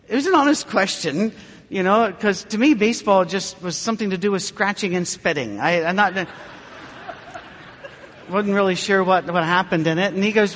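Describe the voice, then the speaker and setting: A man's voice: high voice, a little fast, fairly bright tone, in a large hall. A man preaching a humorous sermon, telling stories in a dry way and acting out the people in them. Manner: dry storytelling with mock dialogue.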